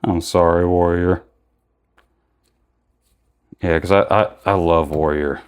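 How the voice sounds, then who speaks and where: Deep-voiced young man reviewing toys. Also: steady tone, slow, smooth. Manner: rambling, self-correcting. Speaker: action figure reviewer. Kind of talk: casual unboxing commentary.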